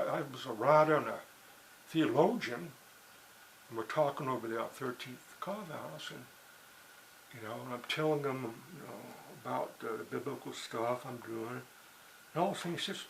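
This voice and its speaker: A man's voice: mid-range voice, moderate pace, creaky, slight background noise, poor audio. A man talking in a rambling, digressive monologue, full of "you know" and "see" and restarts. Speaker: writer and blogger.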